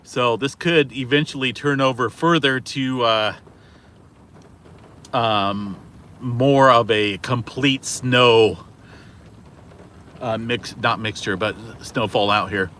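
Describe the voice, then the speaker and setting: A man hosting a casual weather vlog outdoors in falling snow beside his car, talking into a handheld camera in an excited, rambling way full of fillers and exclamations. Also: mid-range voice, slow, long pauses. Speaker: weather channel host.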